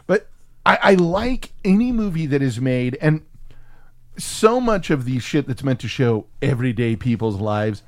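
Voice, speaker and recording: A man in casual conversation about a film, talking in a loose, profane, story-driven way. His voice sits at an ordinary middle pitch, and he jumps back into sentences as ideas come to him. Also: normal speed. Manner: profane, animated storyteller with restarts. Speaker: podcast co-host.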